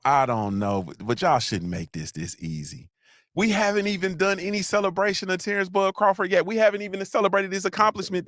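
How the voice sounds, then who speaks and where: Animated, profane podcast host man. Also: high-pitched, no echo, studio quality. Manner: animated, profane, rambling with restarts. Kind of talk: casual solo podcast talk.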